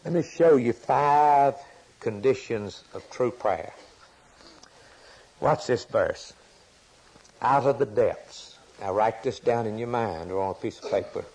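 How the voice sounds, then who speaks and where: Slow, husky male preacher. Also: medium pitch, low-quality recording. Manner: impassioned, rising to sudden loud peaks. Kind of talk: sermon.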